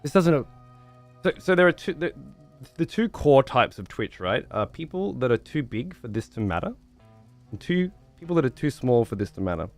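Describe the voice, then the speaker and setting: A man's voice: mid-range voice, very animated, normal speed, soft background music. A man livestreaming, chatting to viewers in a rambling, profane way and repeating words as he thinks. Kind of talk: casual chat to stream viewers.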